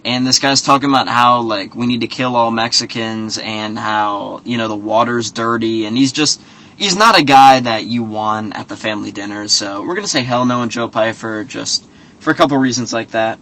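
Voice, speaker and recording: Bright voiced guy rambling casually, swears a lot, tons of like and you know. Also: medium pitch, normal speed. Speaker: host. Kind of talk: casual commentary.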